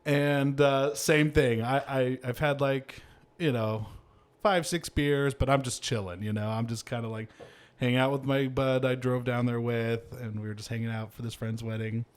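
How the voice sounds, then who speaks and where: A man's voice: medium pitch, steady tone, normal speed, clean tone. A man hosting a podcast in casual chat, telling stories in a rambling way with lots of fillers and laughter. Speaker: podcast host.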